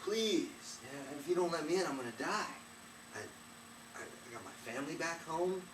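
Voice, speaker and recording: A man's voice: fairly high pitch, lively intonation, normal speed, distant mic, background noise, pitched above the performer's own voice, lightly acted. A man doing a desperate, pleading lad. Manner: begging, urgent. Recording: roomy, off-mic, faint ambience.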